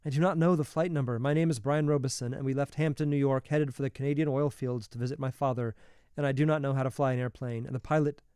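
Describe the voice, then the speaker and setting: A man's voice: mid-range voice, fairly even intonation, quick pace, dark tone, clean tone, no room sound, studio quality, close to an everyday voice. A man voicing a frightened teenage boy alone in a small plane, calling for help over a radio in a frantic, pleading voice.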